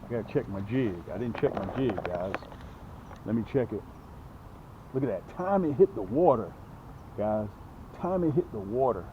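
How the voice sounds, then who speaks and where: Lively excited man vlogging from a boat. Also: lowish voice, normal speed, long pauses. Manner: excited, chatty, talks straight to viewers. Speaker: fishing channel host. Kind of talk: casual fishing vlog commentary. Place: on a small boat outdoors on a lake. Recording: dull lo-fi outdoor audio with faint noise.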